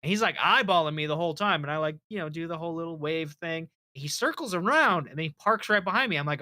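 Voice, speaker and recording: A man co-hosting a casual live stream, telling work anecdotes in an animated way and swearing freely. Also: on the high side, fast, hardly any pauses. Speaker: co-host.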